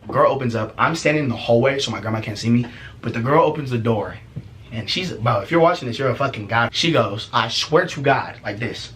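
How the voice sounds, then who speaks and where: A young man casually telling a story as a vlogger, profane and animated, laughing often. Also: mid-range voice, a little fast, slight background noise.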